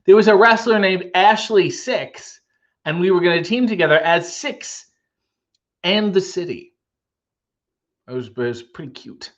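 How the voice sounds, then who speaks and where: A man's voice: high-pitched, animated, measured pace, pauses often, muffled recording. A Canadian man hosting a livestream from home, reading viewer comments with dry, joking asides. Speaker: livestream host. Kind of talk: casual chat reading comments.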